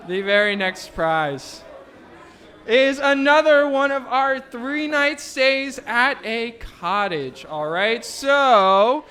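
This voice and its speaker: A man's voice: very high-pitched, bright, forceful tone, slight background noise. A man emceeing a raffle at a live fundraiser event, joking and bantering playfully with the crowd as he announces the winners. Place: indoor event venue with a live audience.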